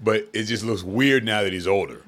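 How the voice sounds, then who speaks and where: A man's voice: fairly low pitch, moderate pace, fairly bright tone. A man joining a casual movie chat with offhand, laughing remarks.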